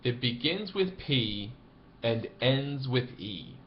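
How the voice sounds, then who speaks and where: A man voicing a gruff, unrefined caddie with dry humor, speaking slowly and deliberately. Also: medium pitch, lo-fi sound, slight background noise, voice pushed up, lightly acted.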